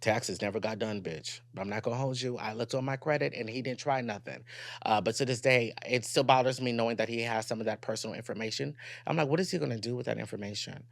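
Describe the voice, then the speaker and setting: A young man hosting a solo podcast, telling a personal story in a candid, profane, animated way and talking straight to his listeners. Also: medium pitch, fast, no echo. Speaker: podcast host.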